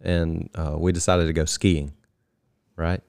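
A man's voice: deep voice, level tone, measured pace, creaky, darkish tone, clear, resonant tone. A man co-hosting a podcast, telling a story in an easygoing casual chat with a neutral way of talking. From upstate New York. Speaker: podcast co-host.

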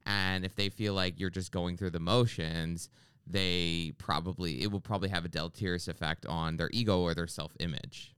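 A man with a very low, strikingly smooth and resonant voice hosts a casual chat, musing thoughtfully and dropping dry quips. The sound is close and dry, with no room echo. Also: fairly even intonation, normal speed, a bit bright. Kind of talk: casual conversation.

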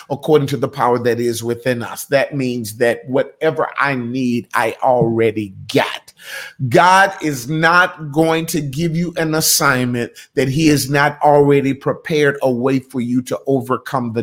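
A man preaching a podcast sermon with emphatic, rhythmic repetition that builds into shouted declarations. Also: medium pitch. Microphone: podcast recording.

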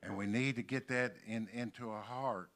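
An older man from Kentucky preaching a sermon in a church, slowly stressing and repeating key words. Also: on the low side, fairly even intonation, a bit bright. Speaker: pastor. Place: church sanctuary.

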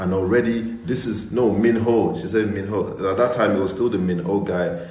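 A young man with a low, deep voice chats casually with his online church group as their pastor. He tells stories with energy and slips into the voices of the people in them. The sound is roomy and echoey. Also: normal speed. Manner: animated storytelling with mimicked voices. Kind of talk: casual online livestream chat. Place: indoors at home. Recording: roomy echo.

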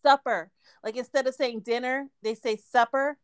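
A woman's voice: sits high, fairly even intonation, moderate pace, clean tone, no room sound. A woman co-hosting a casual chat podcast, laughing often and teasing her partner. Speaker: podcast co-host.

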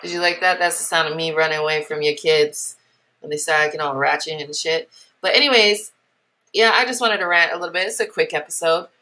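A woman's voice: sits low, a little fast. A woman in her late thirties hosting her own podcast, telling a story in a casual rant with lots of swearing and acted-out voices. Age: 30s. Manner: animated storytelling, acting out voices, swearing freely. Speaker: podcast host.

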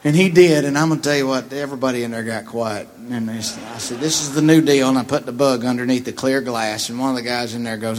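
A man's voice: medium pitch, quick pace, few pauses. Profane, laughing man telling a story. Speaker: comedian guest. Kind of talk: storytelling anecdote.

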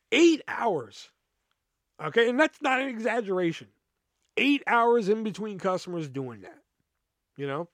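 Young male podcast host, casual profane storyteller, slightly raised pitch, dry close sound. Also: dry recording. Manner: profane, animated retelling with quoted dialogue.

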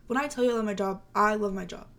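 Chatty young woman with a gravelly edge. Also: medium pitch, quick pace, fairly bright tone. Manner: chatty, full of "like" and "you know" fillers. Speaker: podcast host. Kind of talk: casual solo podcast monologue.

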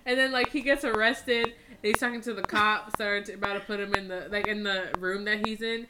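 A woman's voice: mid-range voice, steady tone, brisk, heavy background noise. A woman co-hosting a casual podcast, retelling movie scenes with lots of laughter. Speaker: podcast co-host.

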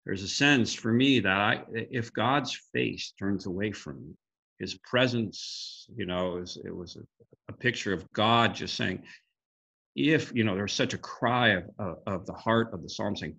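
A man with a very low voice speaks earnestly about faith, quoting scripture and often restarting his sentences. His voice is gravelly and husky. The sound is a little dull, as if it comes over a call. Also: measured pace, a bit bright. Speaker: guest speaker sharing a devotional. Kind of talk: reflective faith talk. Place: group call.

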